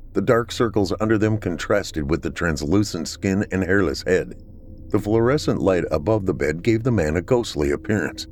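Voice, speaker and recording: A man narrating a dark story in a steady, measured reading. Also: deep voice, slight background noise.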